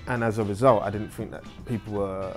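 Man, interview guest, low voice, frank and profane, faint music behind. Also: steady tone, brisk. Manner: frank, profane, tags remarks with "right?". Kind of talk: candid conversational storytelling.

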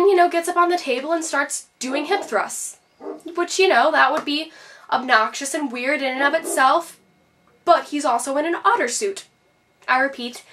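A woman's voice: high-pitched, fairly bright tone, far from the mic. A woman playing a bitter, depressed teenage girl who vents sarcastically in a scripted video-diary monologue. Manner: sarcastic, exasperated storytelling.

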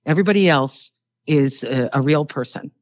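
Older woman, low-pitched, chatty rambling anecdotes, interview guest, dull dry recording. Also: moderate pace, dry recording. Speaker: actress guest. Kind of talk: casual interview storytelling.

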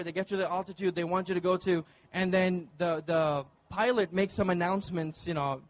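A man from Dubai performing a stand-up comedy set with punchy, playful crowd work on a club stage. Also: high voice.

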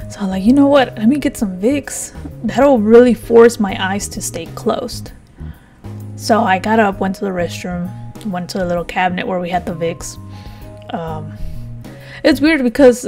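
Woman, casual storytelling, rambling, self-mocking, medium pitch. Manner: rambling, self-mocking, laughs while telling. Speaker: vlogger.

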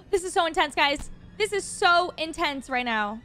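A woman hosting a reaction video, excitable and gasping often, talking to her viewers. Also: extremely high pitch, normal speed, faint music behind.

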